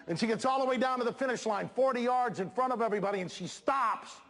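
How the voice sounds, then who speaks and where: A man giving an energetic motivational speech to students at a school assembly, swinging between shouting and soft, intimate coaching. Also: very high-pitched, fast. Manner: coaching, encouraging, preachy. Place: large school hall with a live student audience. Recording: echoey hall with a cheering crowd.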